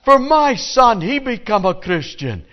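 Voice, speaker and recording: A man's voice: high voice, big pitch swings, unhurried, lo-fi sound, voice pushed up. A man voicing a flustered, embarrassed male rabbi in a joke told from the pulpit.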